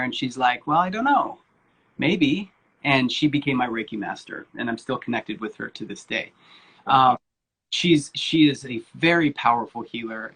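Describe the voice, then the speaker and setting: A husky-voiced man in his forties tells his life story in a loose, candid way. He talks informally, pauses on fillers and swears without fuss. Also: medium pitch, fairly bright tone. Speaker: guest speaker, spiritual coach.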